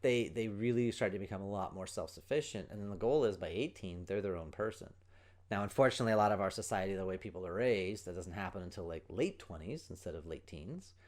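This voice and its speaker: Middle aged guy on his parenting podcast, lowish voice, earnest, keeps acting out little quotes. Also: quick pace. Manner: earnest, explanatory, acts out quoted lines. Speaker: podcast host, parenting coach. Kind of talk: solo podcast talk.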